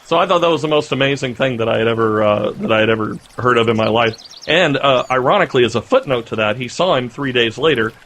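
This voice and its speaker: A man's voice: medium pitch, fast talker, few pauses, slight background noise. Chatty man telling a story. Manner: animated storyteller, chatty with fillers. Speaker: podcast co-host. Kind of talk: casual chat.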